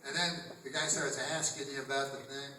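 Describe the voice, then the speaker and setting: A man doing stand-up comedy in a theater, rambling and deadpan, breaking into loud put-on voices. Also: mid-range voice, a little fast, slight background noise. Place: theater stage. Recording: grainy, echoey theater recording from far off. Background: audience laughter.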